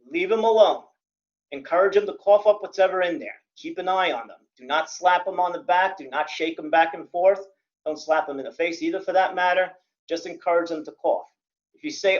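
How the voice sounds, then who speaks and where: A man lecturing as a CPR instructor, plain-spoken with dry joking asides. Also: high-pitched. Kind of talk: classroom lecture. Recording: dull lo-fi recording.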